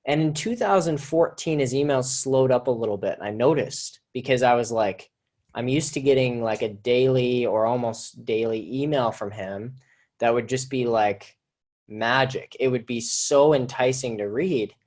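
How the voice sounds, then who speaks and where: A man's voice: mid-range voice, normal speed. A man with a mid-range voice teaches copywriting in a live online session. He talks with energy and in a casual way, often restarting and repeating phrases. He sounds like he is at a desk mic by his computer. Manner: energetic, conversational, repeats himself. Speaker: marketing teacher.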